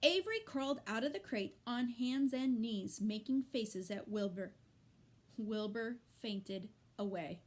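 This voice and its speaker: Lady reading a kids' novel out loud, slow and careful, kinda high. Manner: slow, deliberate narration. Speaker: reader. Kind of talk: reading a children's novel aloud.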